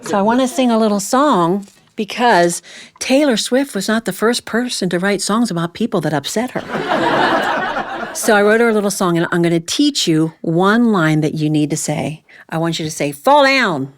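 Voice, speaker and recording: A woman's voice: mid-range voice, moderate pace, background noise. A woman storyteller speaking to a live audience in a humorous, chatty way, teasing her listeners.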